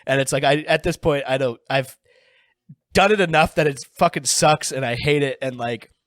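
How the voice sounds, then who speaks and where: A man's voice: mid-range voice, normal speed, fairly bright tone, no echo, clean studio sound. A man, a guest comedian, telling rambling, profane stories in casual chat, full of filler words.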